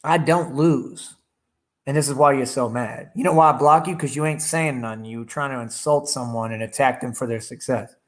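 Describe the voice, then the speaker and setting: A man's voice: medium pitch, normal speed. A man on a livestream, taunting and boasting at critics in the chat. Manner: talks over his own song playing. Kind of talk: combative livestream rant.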